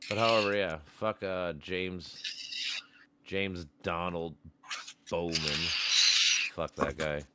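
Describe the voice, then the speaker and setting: A man's voice: deep voice, fairly even intonation, takes it slowly, pauses often, very noisy. A man hosting a casual stream, talking bluntly with lots of swearing and laughing. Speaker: stream host. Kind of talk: casual profane chat.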